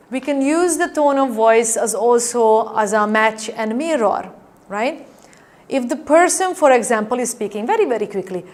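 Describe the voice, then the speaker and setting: A woman NLP trainer lectures a class in a slightly high voice. She demonstrates each point by acting out changes in tone, and she keeps checking in with her listeners. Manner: demonstrative, acts out tone changes and asks the class "right?".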